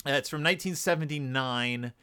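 A man co-hosting a casual podcast about a book, talking in an animated, joking way and putting on quick voices for quotes. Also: mid-range voice, smooth. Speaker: podcast co-host.

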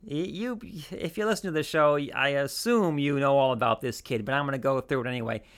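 A man's voice: mid-range voice, fairly quick, a bit bright, clean tone. A man hosting a podcast, talking in a casual, rambling way with lots of restarts and asides. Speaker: podcast host.

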